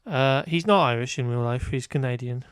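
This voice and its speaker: A man's voice: mid-range voice, normal speed, clear, resonant tone, dry recording. Wry man recapping a film, dry sound. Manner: wry, exasperated recapping with frequent fillers. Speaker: podcast co-host. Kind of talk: casual chat reviewing a film.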